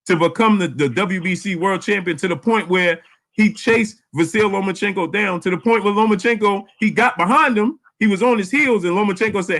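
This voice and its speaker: A man hosting a casual live boxing chat, animated, often repeating words. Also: sits high, brisk. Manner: animated, repeats words, reads super chats aloud. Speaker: boxing channel host.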